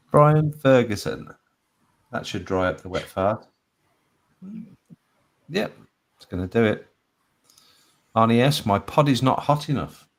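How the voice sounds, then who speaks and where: Bloke hosting, reading out captions, keeps laughing, mid-pitched voice. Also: male voice, very animated, slow, long pauses. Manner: laughs often between readings. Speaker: host. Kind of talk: reading out viewer captions on a live show.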